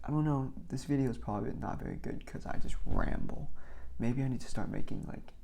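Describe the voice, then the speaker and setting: A man's voice: mid-range voice, a little fast, creaky, warm tone. A young man casually rambling through work stories for his vlog, filling his talk with "like" and restarts. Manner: rambling, filler-heavy, many "like"s. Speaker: vlogger.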